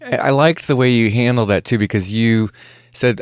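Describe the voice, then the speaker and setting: A man's voice: medium pitch, normal speed, clean tone, no echo, clean studio sound. A man hosting an interview, asking thoughtful questions and searching for words. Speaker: podcast host, interviewer.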